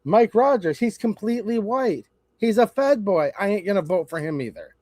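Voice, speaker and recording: A man's voice: high-pitched, lively intonation, moderate pace, darkish tone, dry recording, studio quality. A man hosting his own channel, ranting sarcastically in a rambling live-stream commentary. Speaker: channel host.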